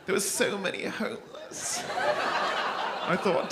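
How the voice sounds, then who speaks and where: A man doing stand-up crowd work on a comedy club stage, teasing audience members with quick-fire, sweary banter. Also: sits high, lively intonation. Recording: live club recording with crowd noise. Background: audience laughing.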